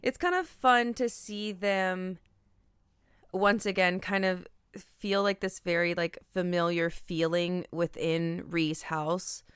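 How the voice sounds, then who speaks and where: Low, slow-talking woman podcast co-host. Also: steady tone, fairly bright tone, smooth, no echo, clean studio sound. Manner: chatty, self-correcting, laughs at herself. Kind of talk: casual book discussion.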